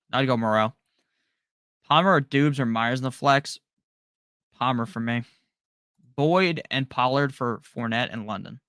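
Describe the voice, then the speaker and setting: Gravelly, bright-voiced male stream host. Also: mid-range voice, no echo, studio quality. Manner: rapid-fire, offhand answers with slang and the odd curse. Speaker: fantasy football live-stream host. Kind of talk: casual live Q&A, reading out and answering viewer questions.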